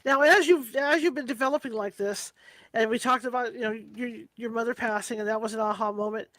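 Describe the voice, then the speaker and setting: A man's voice: very high-pitched, pushed and bright, no room sound. A man hosting an interview, chatty and conversational, asking questions and adding his own stories. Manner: chatty, quick asides. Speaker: host. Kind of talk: casual interview chat.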